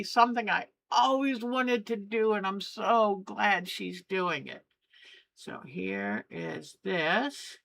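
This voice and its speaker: A woman's voice: mid-range voice, vocal fry, sharp tone, no echo. A middle-aged woman hosting a quilting channel, chatting and gushing as she shows family photos. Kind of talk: casual chat while showing photos.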